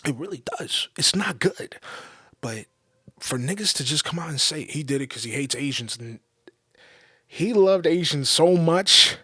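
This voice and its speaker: A man's voice: mid-range voice, normal speed, pushed and bright, breathy edge, dry recording, clean studio sound. Profane, heated man ranting solo. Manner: profane, heated, emphatic with repetitions. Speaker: podcast host. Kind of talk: casual ranting commentary.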